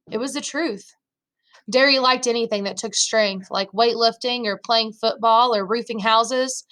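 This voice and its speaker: Woman teacher reading a novel aloud, bright, somewhat high voice. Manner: first-person narration with dialogue voiced in her own voice.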